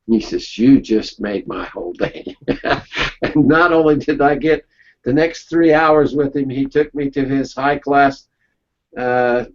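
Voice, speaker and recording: A man of ordinary pitch leads a relaxed round-table discussion, spinning folksy anecdotes and pausing to check in with the room. His voice comes through a dull, lo-fi recording that takes the shine off the highs. The talk is casual and unscripted. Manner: folksy storytelling, checks in with "okay?". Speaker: webinar presenter.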